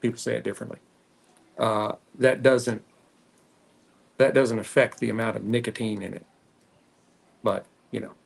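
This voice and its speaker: A man with a Texan accent hosting a cigar podcast, rambling casually with frequent pauses while he smokes. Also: medium pitch, fairly even intonation, creaky. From Texas. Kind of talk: casual solo chat while smoking.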